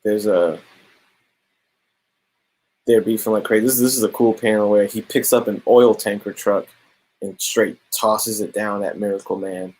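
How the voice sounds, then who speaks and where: A man casually reviewing comics, telling the story in animated slang with quick asides. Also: on the low side, low-quality recording.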